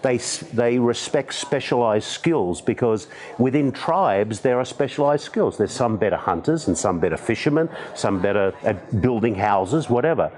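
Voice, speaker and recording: A man in his sixties with an Australian accent, a podcast guest telling stories in conversation with animated, self-deprecating humor. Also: medium pitch, normal speed, few pauses. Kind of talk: conversational storytelling.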